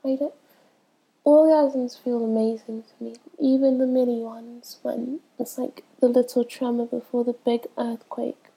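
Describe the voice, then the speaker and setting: A woman's voice: fairly high pitch, flat delivery, measured pace, creaky, mellow, husky, low-quality recording. A young woman with a stuffy, congested voice from a cold, chatting casually and hesitantly as she answers a questionnaire. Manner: hesitant, many ums, laughs between answers. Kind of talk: casual chat.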